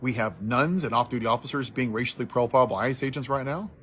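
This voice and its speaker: A husky man speaks straight to the listener in a passionate commentary. He tells a story in an everyday way, acting out the other people's lines, then builds to forceful outrage. His voice sits at a middle pitch with a slightly rough, breathy edge. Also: fast talker. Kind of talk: impassioned social commentary.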